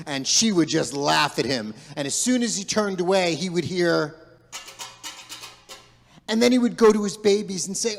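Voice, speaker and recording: Playful rabbi in a reverberant hall. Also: male voice, sits high, animated, normal speed, creaky, pauses often, faint music behind. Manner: playful, directing audience participation. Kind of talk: storytelling to a congregation. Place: large synagogue sanctuary.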